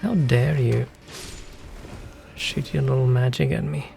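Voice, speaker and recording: Gravelly man streaming games. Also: mid-range voice, fairly even intonation, unhurried, mellow, a little hiss or hum. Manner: musing, chatty, wanders off on tangents. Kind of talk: casual gameplay commentary.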